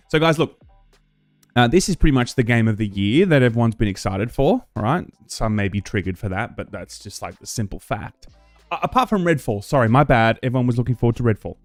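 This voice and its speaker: A man's voice: medium pitch, dry recording. A man from Australia hosts a live stream in a loose, chatty way, stumbling and restarting as he talks. His voice sits dry and close to the mic, with faint music underneath. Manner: chatty, full of fillers and restarts. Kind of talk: casual live stream chat.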